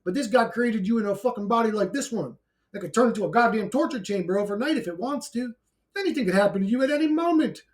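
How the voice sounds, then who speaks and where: A man's voice: high voice, expressive, fast. A man giving a brash, blunt, profane ranting monologue to his own channel, laughing between outbursts. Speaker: YouTuber.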